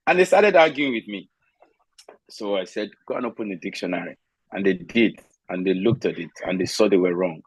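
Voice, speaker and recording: A man's voice: on the low side, normal speed, husky, no room sound, rough recording. A man from Nigeria on a video call, telling stories from his own life and giving firm, candid advice. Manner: emphatic, candid storyteller, gives firm advice.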